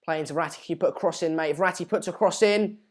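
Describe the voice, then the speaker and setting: A man's voice: fairly high pitch, racing. Man, from Sweden, live stream host, casual football commentary, chatty. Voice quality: chatty, reads viewer comments aloud. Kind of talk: casual match watchalong commentary.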